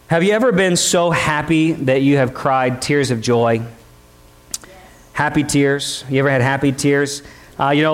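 A man with a notably high voice delivers a sermon, speaking emphatically and conversationally. He keeps asking the congregation questions and draws them in. He sounds middle-aged. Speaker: pastor.

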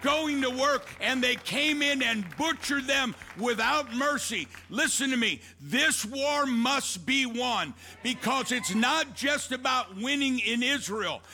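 Fiery high-voiced preacher man. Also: animated, takes it slowly, hardly any pauses, a little hiss or hum. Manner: fiery, impassioned preaching with shouted declarations. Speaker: pastor. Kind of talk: sermon.

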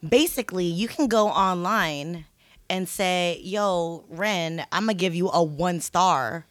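A woman's voice: lowish voice, no echo. A woman co-hosting a casual podcast chat, telling stories in a loose, slangy way. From San Francisco. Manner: loose, slangy, drawn-out storytelling. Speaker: podcast co-host.

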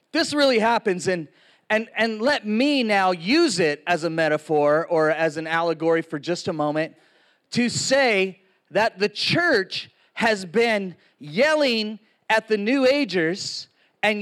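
A man preaching a sermon, telling stories with lively acted-out quotes. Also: high-pitched. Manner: animated storytelling with acted-out quotes.

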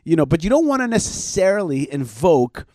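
A man's voice: a little high, big pitch swings, brisk, dark tone, no room sound, clean studio sound. A man hosting a talk show, chatting casually and animatedly, often repeating himself as he builds a point. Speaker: show host. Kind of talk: casual political chat.

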